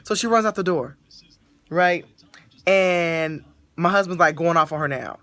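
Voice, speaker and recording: A woman hosting a casual podcast, telling a story in an animated way and laughing often. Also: fairly low pitch, measured pace, no echo. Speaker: podcast host.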